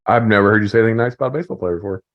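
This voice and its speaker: A man's voice: on the low side, rapid-fire, dull audio. A man co-hosting a casual sports chat. He muses aloud and often sounds unsure. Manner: laughing, unsure musing. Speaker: podcast co-host.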